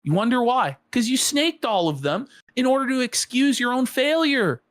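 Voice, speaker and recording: A man's voice: very high-pitched, lively intonation, moderate pace, fairly bright tone, dry recording. Male commentator, scornful rant, dry close mic. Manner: scornful, ranting. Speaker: co-host. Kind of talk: reaction commentary.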